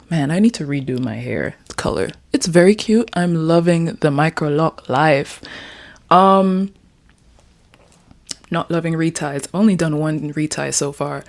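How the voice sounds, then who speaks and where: A woman's voice: deep voice, moderate pace, gravelly. A woman in her twenties chatting alone in her room, rambling and playful as she talks about her writing. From Jamaica. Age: 20s. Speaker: vlogger. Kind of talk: casual chat vlog.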